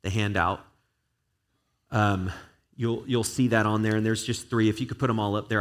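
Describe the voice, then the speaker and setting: A man's voice: lowish voice, moderate pace. A man, a pastor, preaching an earnest and conversational sermon to his church, with a stretch of spoken prayer.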